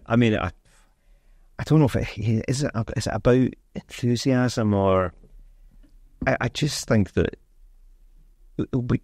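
A man's voice: low-pitched, darkish tone, dry recording, clean studio sound. A man chatting casually on a podcast, blunt and sweary in his manner. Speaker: podcast co-host.

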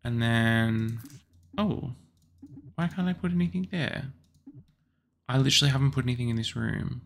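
A young Australian man chatting casually and excitedly as he builds a house in a video game, with lots of apologetic asides. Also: mid-range voice, normal speed, gravelly, a little hiss or hum. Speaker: YouTuber building houses in a life-sim game. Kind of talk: casual gameplay commentary.

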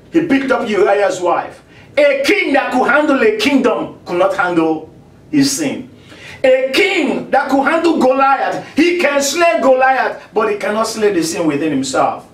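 A man preaching a televised sermon as pastor, swinging from low dramatic drops to rising shouts. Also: reverberant, recorded from a distance, rough recording.

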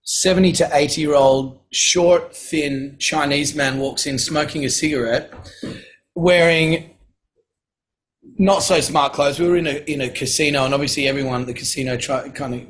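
A middle-aged man, a guest telling casual anecdotes in a relaxed, chatty way and often clearing his throat. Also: a little high, moderate pace, poor audio. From Australia. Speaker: guest, singer-songwriter.

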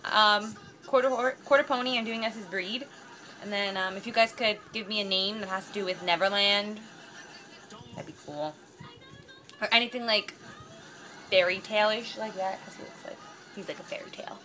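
A woman unboxing a model horse in a vlog, gushing and squealing with excitement. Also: medium pitch, normal speed. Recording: noisy home camera audio.

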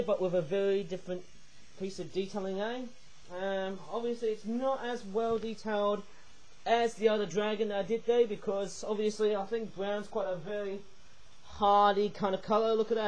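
High-voiced, excitable man. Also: a little hiss or hum, rough recording. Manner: excitable, rambling, peppered with "eh?" and "obviously". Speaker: toy reviewer. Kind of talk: casual toy review vlog.

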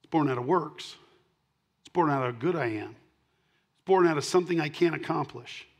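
This middle-aged male pastor delivers a sermon, shifting between forceful, loud punches and hushed asides while repeating his main lines for emphasis. His voice is slightly high and his pace fairly quick.

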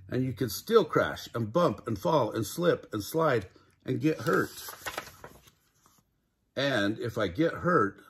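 An older man reading aloud plays a nervous storybook walrus who pictures one disaster after another. The voice stays husky and mid-pitched, an everyday reading voice rather than a put-on character. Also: a bit bright, heavily acted. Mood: fretful. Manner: rambling, fretful storytelling. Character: anxious walrus, endlessly imagining disasters.

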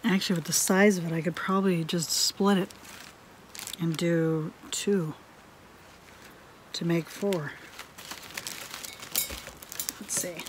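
A woman homestead vlogger chatting casually while doing crafts at home. She laughs often and drifts into quiet asides as she works. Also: lowish voice, steady tone, slow, long pauses, noisy background.

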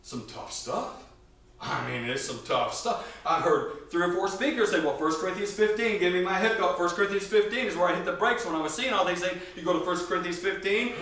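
A man's voice: on the high side, moderate pace. Brief: emphatic man preaching a sermon, heard from a distance in a big, echoey church. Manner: emphatic, shifts between loud and quiet.

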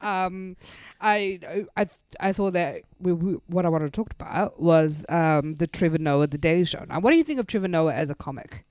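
A woman's voice: lowish voice, normal speed, few pauses, darkish tone, no room sound. A woman from New Zealand hosting a podcast, chatting casually, joking and swearing. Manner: joking, swears, playful put-on voices. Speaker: podcast host.

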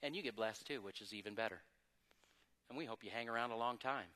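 A man pastor preaching a sermon with lively energy, moving between loud exclamations and quieter, conversational asides. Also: lowish voice, fast, in a large hall. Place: church sanctuary.

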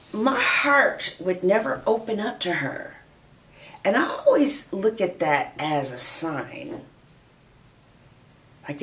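A woman's voice: fairly low pitch, echoey room, a little hiss or hum. Playful, laughing woman tarot reader. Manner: playful, chatty, laughs often; addresses listeners as honey and darling. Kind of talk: casual tarot reading chat.

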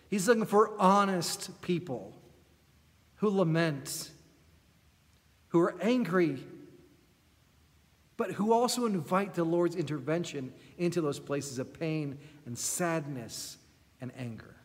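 Male pastor, high voice, impassioned repetitive sermon cadence, long church reverb. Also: takes it slowly, pauses often, a bit bright.

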